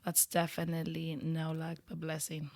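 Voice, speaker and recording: A woman's voice: low voice, completely flat delivery, moderate pace, gravelly, darkish tone, no echo. A woman business owner chatting in an interview, talkative and laughing often, with lots of "you know" fillers. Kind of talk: casual interview chat.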